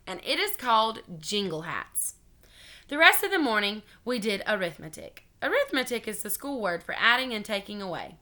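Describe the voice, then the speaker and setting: A woman reading a children's chapter book aloud in an expressive, animated way. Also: medium pitch. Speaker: storybook reader.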